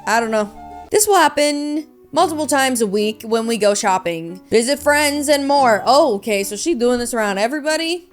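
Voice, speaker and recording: A woman's voice: a little high, lively intonation, fairly quick, soft background music. A woman hosting a podcast, reading online stories aloud and breaking in with profane, sarcastic asides. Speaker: podcast host.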